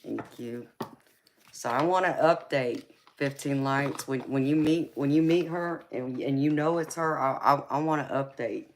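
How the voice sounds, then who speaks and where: A woman with a Southern US twang, softly chatting with her livestream viewers and calling them honey and baby. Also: rumbling low, moderate pace, slight background noise. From California. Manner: soft-spoken, affectionate, calls viewers honey and baby. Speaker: livestream host and tarot reader. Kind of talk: casual live chat with viewers.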